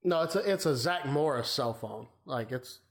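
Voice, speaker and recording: A man's voice: mid-range voice, lively intonation, normal speed. A man on a podcast making snarky, mocking asides in casual chat. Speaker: podcast co-host. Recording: roomy echo.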